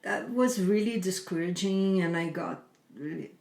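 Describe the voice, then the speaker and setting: A middle-aged woman telling her life story as a guest in a conversation, in earnest, halting speech with non-native phrasing. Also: on the low side, creaky, darkish tone. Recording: roomy echo.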